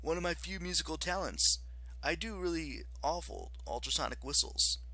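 A man's voice: fairly high pitch, big pitch swings, normal speed, creaky, pushed and bright, voice pushed up, exaggerated voice. A man voicing a wry, offhand teenage boy in an audiobook. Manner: offhand, self-mocking.

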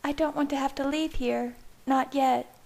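A woman putting on a high, blunt vampire woman. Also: steady tone, normal speed, creaky, a little mellow. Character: protective young vampire woman, wary and blunt. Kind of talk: reading fan fiction aloud.

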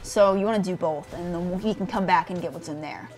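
A young woman co-hosting a let's-play, explaining the game to the player in a relaxed, filler-heavy way with casual swearing. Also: fairly low pitch, a little fast, faint music behind. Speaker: co-host guiding the player.

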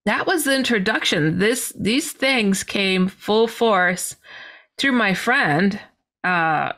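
A woman's voice: medium pitch, slow. A woman with a mid-range voice tells a long personal story as a podcast guest. She talks animatedly and keeps dropping in casual fillers. Her delivery is chatty and unscripted. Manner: animated, lots of "you know" fillers.

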